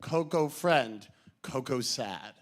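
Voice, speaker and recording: Casting: nosy, anxious female gorilla, plaintive and prying, lively swooping pitch, put on by a man. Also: takes it slowly. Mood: sad.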